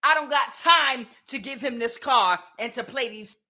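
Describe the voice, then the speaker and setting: A woman's voice: on the high side, measured pace, bright, forceful tone, pitched above the performer's own voice. A woman playing a fed-up, hardworking mother who insists she has no time to waste. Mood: indignant. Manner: indignant, emphatic.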